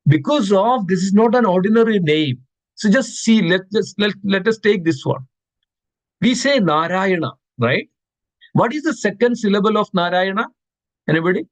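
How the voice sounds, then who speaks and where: A man's voice: high voice, lively intonation, moderate pace, no room sound, low-quality recording. A man giving a devotional scripture class, reciting verses and asking his listeners questions, often repeating words for stress. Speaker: class speaker.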